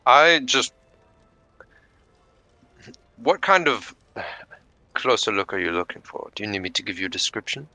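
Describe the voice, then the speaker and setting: A man playing a tabletop game who talks in a wry, quick way. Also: fairly low pitch, big pitch swings, sharp tone, dry recording, soft background music, rough recording. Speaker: player. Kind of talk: casual tabletop game play.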